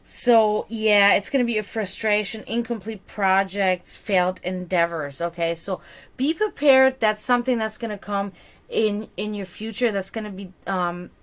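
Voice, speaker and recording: A woman's voice: medium pitch, normal speed. A woman giving a live-streamed tarot reading to a viewer, reassuring and tired, with many fillers and repeated words. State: tired, yawning. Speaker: tarot reader.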